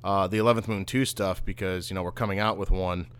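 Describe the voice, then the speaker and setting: A man co-hosting a laid-back conversation, his voice sitting somewhat low. He often stumbles into sentences before settling. The delivery is easygoing and unscripted. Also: quick pace, clean tone. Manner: relaxed, stumbling starts. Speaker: podcast co-host. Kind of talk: casual chat.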